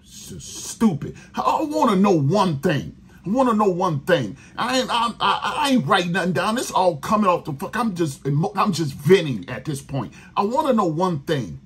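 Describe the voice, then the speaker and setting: Angry new guy cussing about his team, really raspy voice, pitch jumps all over. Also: sing-song, moderate pace. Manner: profane, exasperated ranting. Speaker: sports podcast host. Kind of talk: angry fan rant.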